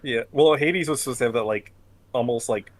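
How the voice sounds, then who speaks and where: A man's voice: mid-range voice, fairly quick. A man from Canada chatting casually as game master before a tabletop session, mumbling at times and swearing freely when he rants.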